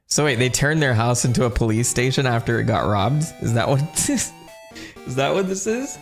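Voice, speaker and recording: A man streaming a game and chatting casually, joking in quick asides. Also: medium pitch, animated, creaky, soft background music. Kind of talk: casual gameplay commentary.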